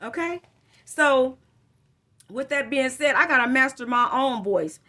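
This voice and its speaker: Female tarot reader, somewhat high and very bright tone, loose rambling delivery full of slang. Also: measured pace. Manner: rambling, informal, frequent self-corrections and slang. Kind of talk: casual spiritual reading to camera.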